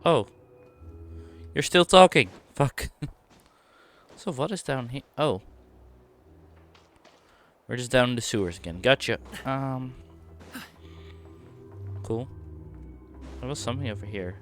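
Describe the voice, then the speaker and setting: A man's voice: medium pitch, takes it slowly, pauses often, a bit bright, faint music behind. A man giving casual, laid-back gameplay commentary on a stream, mumbly at times and swearing lightly.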